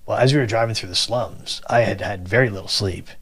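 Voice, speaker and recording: Man, low voice, casual animated storyteller who mimics people he quotes. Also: fairly quick. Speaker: guest telling his story.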